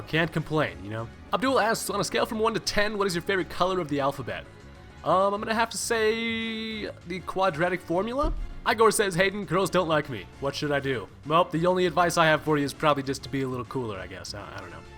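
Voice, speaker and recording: A young man hosting a casual Q&A vlog, answering questions with deadpan, absurd jokes. His voice is bright and sits a little high for a man. Faint music plays behind him. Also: quick pace. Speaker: vlogger answering viewer questions.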